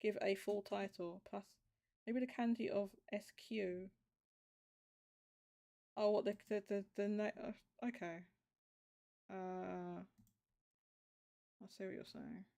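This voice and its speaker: Gravelly woman thinking aloud on stream. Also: mid-range voice, steady tone, warm tone. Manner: thinking aloud with halting restarts. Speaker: show host. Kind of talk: casual livestream chat.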